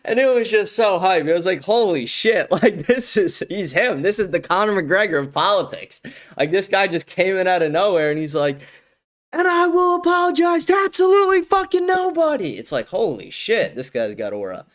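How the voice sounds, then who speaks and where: A man hosting a political commentary show, reacting to a clip in a mocking, profane way, laughing often and shouting when he gets worked up. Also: high voice, lively intonation, normal speed.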